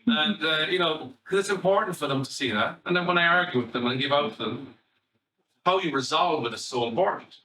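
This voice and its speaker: A middle-aged Irish man, a family psychotherapist, giving an animated, conversational public talk and swearing casually. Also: fairly high pitch, brisk, roomy sound, distant mic, rough recording. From Ireland.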